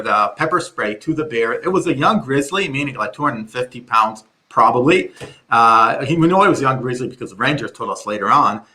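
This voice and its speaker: Man, middle-aged, bright tone, webinar presenter, animated, restarts often. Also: medium pitch.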